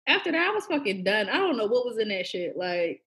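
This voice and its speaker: A woman's voice: mid-range voice, big pitch swings, brisk. A woman co-hosting a podcast, telling stories in slangy casual chat, often breaking into laughter. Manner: loud, laughing, slangy storytelling. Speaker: podcast co-host.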